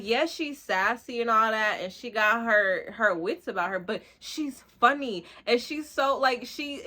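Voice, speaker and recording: A bright, fairly high-voiced young woman gushes about a book she loves. She rambles in a loose, excitable way, full of fillers and slang, like a casual chat with her viewers. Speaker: book reviewer. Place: room at home, street outside.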